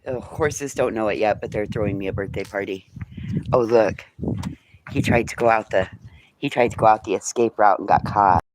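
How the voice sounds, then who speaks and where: A man's voice: on the low side, normal speed, noisy background. Blunt swearing man chatting to his pets. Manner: blunt, swears freely, talks to his animals. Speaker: vlogger. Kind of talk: casual morning chat to camera and pets. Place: farm house and yard.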